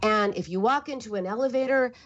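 A woman's voice: a little high, brisk, dull audio. A woman hosting a call-in radio show, talking earnestly and conversationally with some restarts.

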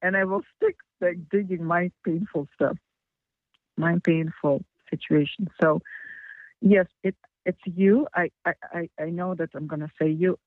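Fast, rambling woman on a tinny phone line. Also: on the low side, steady tone, no room sound. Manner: rushed, rambling, self-critical. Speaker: coaching client. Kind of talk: call-in coaching session. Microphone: phone call.

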